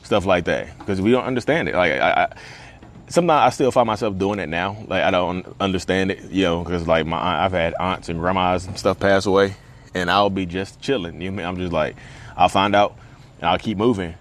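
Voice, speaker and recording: A man's voice: low-pitched, fairly quick. A man talking casually to camera outdoors at a beach, rambling and conversational with lots of fillers. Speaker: vlogger.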